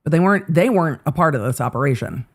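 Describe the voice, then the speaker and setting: A woman's voice: deep voice, animated, fast talker, background noise. A woman hosting live trial commentary, reacting with sarcastic, exasperated asides. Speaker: legal commentary host.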